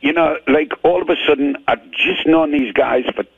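An older man with a Geordie accent from Newcastle, telling rambling, animated anecdotes with stammers as a guest in a casual interview. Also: on the high side, normal speed, no echo. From Newcastle, England. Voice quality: gravelly, husky. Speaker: guest rock singer. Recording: tinny phone line.

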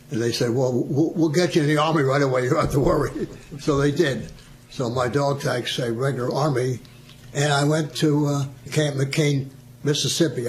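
A man's voice: mid-range voice, a little hiss or hum. An older man, a veteran, chatting through his war memories with frequent chuckles. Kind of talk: storytelling oral history.

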